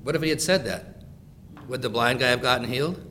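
A man's voice: mid-range voice, fairly quick, a little hiss or hum. A man preaching a sermon, explaining a Bible passage in casual modern words and acting out the quoted lines. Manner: animated, acts out quoted lines in voices.

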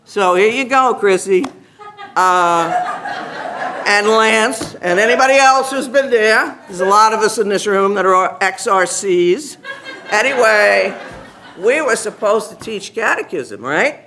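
A man giving a personal testimony to a gathered group, an animated storyteller who acts out other people's lines and laughs often. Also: high-pitched, unhurried, background noise. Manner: laughs often while talking. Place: meeting room with a gathered group.

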